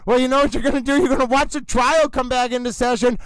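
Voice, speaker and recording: A man's voice: extremely high pitch, steady tone, quick pace, hardly any pauses, smooth, no room sound, low-quality recording. A man hosting a comedic livestream, talking like an overwrought horse-race announcer with theatrical exclamations. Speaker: livestream trial commentator.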